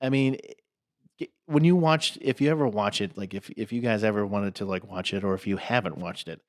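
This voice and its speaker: A man's voice: fairly low pitch, brisk, no room sound, clean studio sound. A man co-hosting a podcast who talks casually and rambles, with lots of "like" and "you know" fillers. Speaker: podcast co-host.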